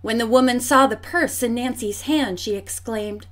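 A woman narrating a mystery audiobook in a clear, measured storytelling voice. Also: fairly high pitch.

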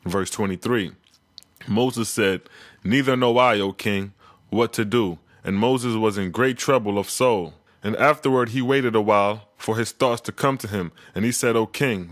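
Man, low voice, measured scripture reading, dry close sound. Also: fairly bright tone, no echo. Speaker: scripture reader and commentator. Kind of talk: reading scripture aloud with commentary.

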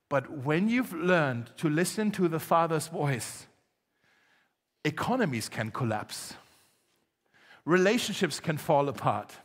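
Male pastor, slightly high voice, casual storytelling sermon, emphatic, long church reverb. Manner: storytelling, conversational with laughs, rising to emphatic exhortation. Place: church hall.

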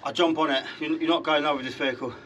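A man's voice: a little high, fairly even intonation, racing, muffled recording, noisy background. A man with a London accent, aggressive and threatening, talking outdoors on a driveway and caught on a filming camera. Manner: aggressive, threatening, keeps saying "mate". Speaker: car owner.

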